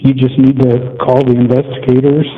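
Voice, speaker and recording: Guy on a jail phone call, earnest and soft, tinny line, lots of hiss. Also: medium pitch, monotone, normal speed.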